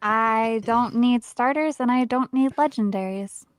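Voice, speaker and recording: A woman co-hosting a casual livestream, teasing another host in quick bursts. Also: fairly high pitch, clean tone, no room sound.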